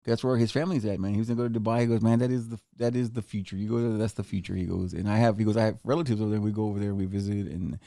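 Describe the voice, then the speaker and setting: A man's voice: fairly low pitch, fairly even intonation, rapid-fire, creaky, hardly any pauses, mellow, no room sound, studio quality. A man hosting a podcast in casual rambling chat, peppering his talk with "man" and "dude". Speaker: podcast host. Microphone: studio mic.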